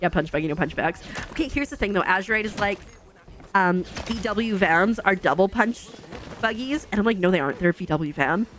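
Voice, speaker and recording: A woman's voice: mid-range voice, animated, fairly quick, a bit bright, slight background noise. A woman streamer telling a long family story in casual, chatty talk full of fillers.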